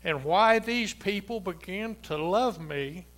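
A man's voice: high-pitched, expressive, takes it slowly, fairly bright tone. A man in his sixties, a pastor preaching a sermon in a church and telling personal stories in a folksy, chuckling way. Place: church sanctuary.

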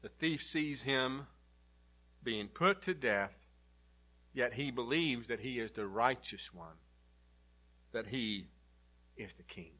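A male pastor preaching a sermon, emphatic, rising loud and then dropping to a low, quiet delivery. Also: takes it slowly, long pauses.

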